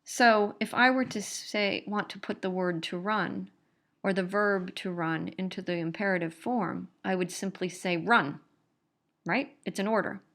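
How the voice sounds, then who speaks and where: A middle-aged woman delivers a recorded grammar lecture in a patient, explanatory way. She often restates her key points to make them stick. Her voice sits at an ordinary pitch for a woman. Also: a little slow, fairly bright tone. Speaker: English instructor.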